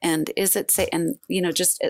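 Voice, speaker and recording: A woman in her fifties, a fasting coach, chatting as a guest and telling stories with lively acted-out quotes and frequent laughs. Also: fairly low pitch, gravelly. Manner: animated storyteller, acts out quotes, laughs often. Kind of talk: casual interview chat.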